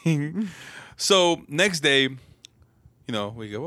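A young man chatting on a podcast, telling stories with lively swings in pitch. His voice is bright and forward. The sound is dry and close. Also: a little slow, pauses often, no room sound. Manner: animated storytelling, acts out yelling. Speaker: podcast co-host. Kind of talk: casual chat.

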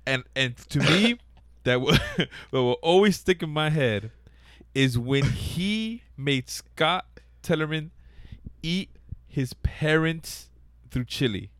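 A man's voice: a little high, slow, dry recording. A man chatting casually, swearing often and laughing as he tells stories with energy. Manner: profane, laughing, excitable storytelling. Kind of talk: casual chat.

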